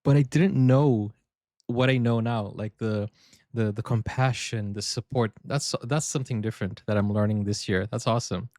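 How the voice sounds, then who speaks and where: A man's voice: fairly low pitch, normal speed, darkish tone, no echo, clean studio sound. A man hosting a sports reaction video, joking around and laughing often in casual commentary. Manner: joking, laughs often, explains his banter.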